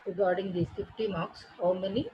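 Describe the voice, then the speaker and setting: Woman lecturer, syllabus walkthrough, repeats points, medium pitch, faint hiss behind. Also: steady tone, fairly quick, dull audio. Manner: repetitive, restates points with simple examples. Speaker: college English teacher. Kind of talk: classroom lecture introducing a syllabus.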